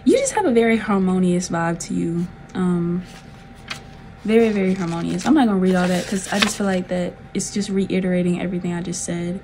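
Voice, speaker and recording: A woman's voice: on the low side, brisk, a little mellow, a little hiss or hum, rough recording. A woman from the South, giving a chatty, laid-back tarot reading with frequent giggles. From Southern United States. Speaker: tarot reader.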